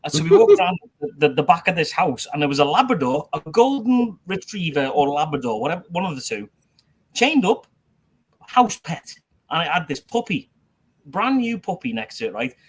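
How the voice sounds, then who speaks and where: A man's voice: on the high side, sing-song, normal speed, husky. A man in his forties, an army veteran guest, telling a rambling story with laughs and swearing. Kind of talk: casual storytelling chat.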